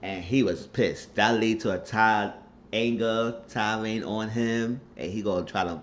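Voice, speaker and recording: A man with a deep voice talks through a TV episode recap in a loose, rambling, colloquial way. The recording sounds dull and lo-fi, with a faint hiss behind him. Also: steady tone, a little slow. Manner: rambling, colloquial retelling of scenes. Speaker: TV show recap reviewer.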